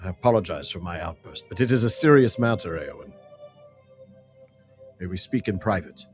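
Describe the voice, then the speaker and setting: A man's voice: low-pitched, expressive, moderate pace, faint music behind. A man voicing a grief-maddened, vengeful warrior who speaks bitterly and accusingly in a fantasy game. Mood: pleading. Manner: bitter, accusing, bursts into shouting.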